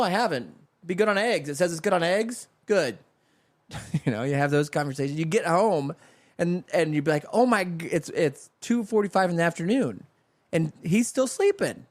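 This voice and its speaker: A man's voice: fairly high pitch, a little mellow, dry recording. Rambling comedic man, dry close sound. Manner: rambling, riffing with acted-out voices. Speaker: podcast host. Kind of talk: solo comedic monologue. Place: home studio.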